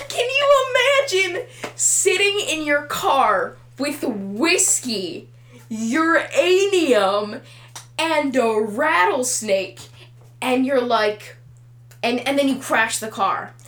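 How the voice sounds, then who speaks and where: Giggly high-voiced young woman. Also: fairly bright tone, echoey room, slight background noise. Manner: giggly, jokey, drawn-out delivery. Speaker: podcast co-host. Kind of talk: casual chat.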